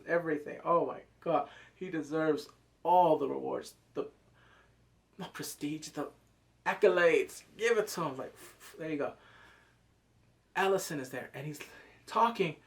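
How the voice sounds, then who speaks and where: A man with a fairly high voice talks through a TV episode in loose, slangy chat. He gets animated, swears freely and jumps into little reenactments of the scenes. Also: measured pace, vocal fry, long pauses. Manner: swears casually, slangy and emotional. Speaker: TV show reviewer. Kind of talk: casual episode review.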